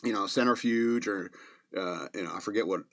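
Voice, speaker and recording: A man's voice: fairly low pitch, a little fast, fairly bright tone. Rambling middle-aged male podcast host. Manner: rambling, chuckling, many fillers. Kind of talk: casual storytelling monologue.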